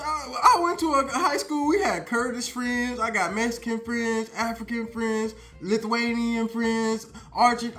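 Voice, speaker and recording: A man's voice: very high-pitched, sharp tone. A man in his thirties giving a profane, heated reaction commentary, swearing and laughing between points. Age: 30s. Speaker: commentary host.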